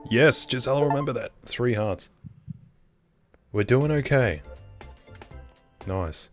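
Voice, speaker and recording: A gaming YouTuber giving upbeat, joking let's play commentary on a horror game. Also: male voice, mid-range voice, lively intonation, takes it slowly, long pauses, faint music behind.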